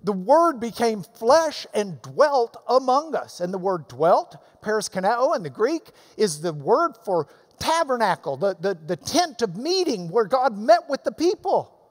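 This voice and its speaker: A man teaching a Bible class, answering questions in an emphatic, animated lecture that swings between loud and soft. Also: sits high, unhurried, hardly any pauses, big-room sound.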